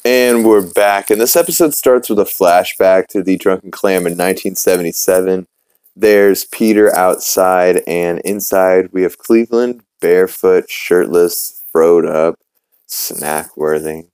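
A man's voice: deep voice, measured pace, darkish tone, clear, resonant tone, no room sound. A man hosting a podcast, recapping a cartoon episode in a rambling, sarcastic way with lots of fillers. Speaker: podcast host. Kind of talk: casual recap commentary.

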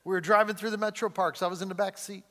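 High-voiced chuckling male preacher, reverberant hall. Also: fairly even intonation, sharp tone. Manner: conversational preaching, chuckles often, slows and rises for emphasis. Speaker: pastor. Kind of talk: sermon. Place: church sanctuary.

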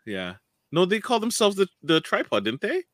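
A man's voice: high-pitched, wildly swooping pitch, brisk, fairly bright tone, no room sound. A man co-hosting a casual chat, laughing often and stalling with many fillers. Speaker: podcast co-host.

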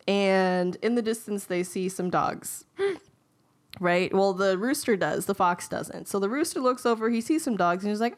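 A woman's voice: medium pitch, moderate pace. A young woman in casual chat, giggling as she retells a fable in a rambling way.

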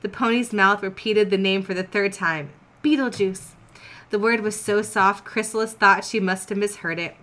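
Host: woman reading fanfic for laughs, wry asides, mid-pitched voice. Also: fairly even intonation, moderate pace, hardly any pauses, pushed and bright. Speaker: podcast host reading fan fiction. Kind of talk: comedic dramatic reading.

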